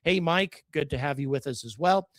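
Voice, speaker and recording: A man's voice: medium pitch, dry recording. A man hosting a live stream, chatting casually and greeting viewers by where they watch from. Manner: chatty, greets viewers by location in quick lists. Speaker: livestream host.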